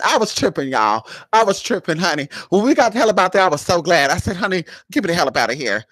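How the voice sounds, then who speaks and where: A woman tells her viewers a long, exclamatory story and acts out her own shocked reactions. Her pitch leaps all over the place and her tone is bright. The sound is dry and close. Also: sing-song, fast, few pauses, no room sound. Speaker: spiritual vlogger.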